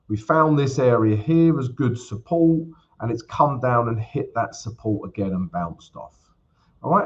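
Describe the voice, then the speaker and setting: Man, casual livestream host, chatty, greets viewers by name, slightly dull lo-fi sound. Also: mid-range voice. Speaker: forex trading livestream host. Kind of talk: casual livestream chat and chart walkthrough.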